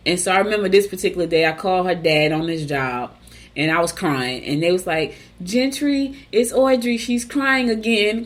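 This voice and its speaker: Chatty woman morning host, low voice. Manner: chatty storytelling with asides to listeners. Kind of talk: casual chat and reading horoscopes.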